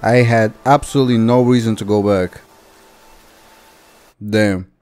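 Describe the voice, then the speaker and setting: A young man playing a video game, commenting with loud, exasperated reactions and slang. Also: fairly low pitch, steady tone, a little slow. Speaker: gaming youtuber. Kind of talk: let's play commentary. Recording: commentary over clear game music.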